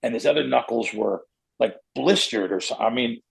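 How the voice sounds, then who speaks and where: A man's voice: medium pitch, moderate pace, creaky, husky, poor audio. A middle-aged man hosting a podcast, telling a long story in a rambling way, often correcting himself as he goes. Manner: rambling, self-correcting, animated. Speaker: podcast host. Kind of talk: casual storytelling.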